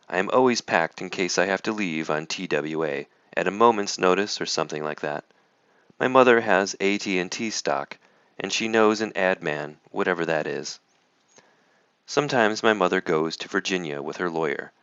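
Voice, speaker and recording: A man with a very low, smooth voice reads a children's picture book aloud with lively expression. The sound is dry and close. The recording is a little muffled. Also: no echo. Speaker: storybook reader.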